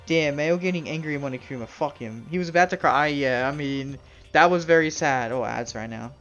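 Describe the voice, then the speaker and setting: A man's voice: on the high side, fairly quick, a bit bright, lo-fi sound, faint music behind. A man live-streaming a game, chatting casually with his viewers and swearing freely. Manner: casual, swearing, talks to chat. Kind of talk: live gameplay commentary.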